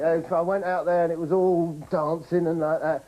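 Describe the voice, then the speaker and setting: Male comic host, rambling and boastful to camera, a little high-voiced. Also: steady tone, normal speed, hardly any pauses, dark tone, slight background noise, rough recording. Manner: rambling, boastful, chatty with frequent "right?". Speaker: comedy show host.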